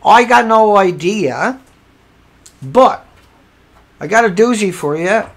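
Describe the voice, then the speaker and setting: A man's voice: high voice, expressive, takes it slowly, fairly bright tone. A man hosting a livestream, arguing his point emphatically and repeating himself. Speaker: livestream host. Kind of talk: casual livestream commentary.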